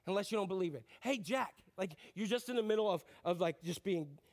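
A middle-aged man delivers a sermon with a strikingly high voice. He tells the story in a lively, joking way and acts out the people in it. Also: fairly quick. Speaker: pastor.

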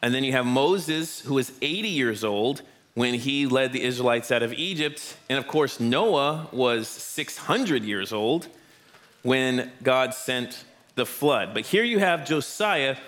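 A man's voice: medium pitch, lively intonation, slow pace, a bit bright. A man leading a family Bible lesson in church, praising and joking with the children. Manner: encouraging, playful with kids. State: out of breath. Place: church hall with audience.

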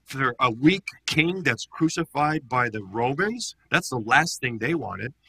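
Man, pastor teaching a Bible study, gravelly, husky, animated, rhetorical questions. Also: mid-range voice, a little slow, no echo.

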